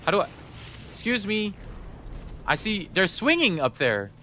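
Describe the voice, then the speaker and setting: A man's voice: high voice, huge pitch swings, measured pace, sharp tone, slight background noise. A man streaming a video game live, chatting playfully to his viewers and whining in mock sadness. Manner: playful, talks to chat, mock-sad whining. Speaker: gaming streamer. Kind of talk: live gameplay commentary.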